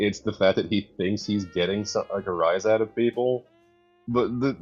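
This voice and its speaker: A man's voice: fairly low pitch, husky. A man in casual chat on a commentary stream who often stops, restarts and searches for his words. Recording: dull lo-fi sound with faint music.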